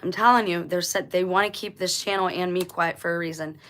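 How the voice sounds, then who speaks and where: A woman's voice: lowish voice, fairly even intonation, a little fast, a bit bright. A woman hosting her own channel, talking straight to her viewers in an insistent, conversational monologue and repeating her points for emphasis. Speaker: channel host. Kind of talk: conspiracy monologue to camera.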